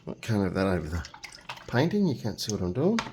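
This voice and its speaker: A man's voice: fairly low pitch, huge pitch swings, fast, dark tone, slight background noise. A middle-aged man hosting a casual painting tutorial, chatting and joking as he works and humming nonsense tunes. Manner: chatty, jokey, hums nonsense tunes while working.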